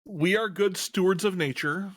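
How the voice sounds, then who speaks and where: Man, high voice, very dry sound, decisive and deadpan on a game stream. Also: normal speed, no room sound. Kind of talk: casual banter.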